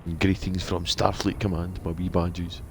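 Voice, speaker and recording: A very low-voiced man chats casually and excitably to his viewers while playing a space game, swearing freely. His voice sits over clear ambient noise and game sounds. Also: moderate pace. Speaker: game streamer. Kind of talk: casual live-stream chat.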